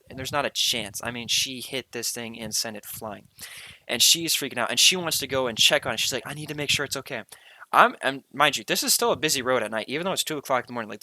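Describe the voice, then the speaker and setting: A man's voice: medium pitch, pushed and bright, slight background noise, poor audio. A young man hosting a podcast, telling a long story in a casual, rambling way, full of fillers and slang. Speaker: podcast host.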